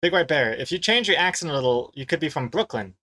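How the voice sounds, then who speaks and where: A man's voice: fairly high pitch, lively intonation, fast talker, pushed and bright. A young man from New Zealand with a mixed, slightly American-sounding accent, chatting casually on a live stream while he draws, reading chat messages aloud and laughing easily. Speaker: webcomic artist and streamer.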